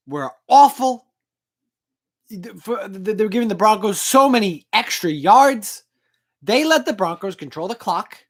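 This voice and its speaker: A woman ranting in a postgame fan video, angry, profane and emotional, on a home recording setup. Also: medium pitch. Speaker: sports fan vlogger. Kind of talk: postgame rant.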